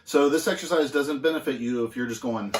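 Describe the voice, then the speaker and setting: Relaxed drum teacher in an echoey room. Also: male voice, mid-range voice, loud music behind the voice. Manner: relaxed, halting with many fillers. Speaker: drum instructor. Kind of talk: casual instructional demonstration. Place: music school practice room.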